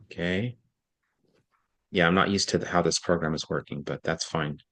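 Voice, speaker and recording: A man's voice: low-pitched, steady tone, normal speed, a bit bright. A man tutoring a student in reading over an online session, explaining step by step in a patient, thinking-aloud way with frequent self-corrections.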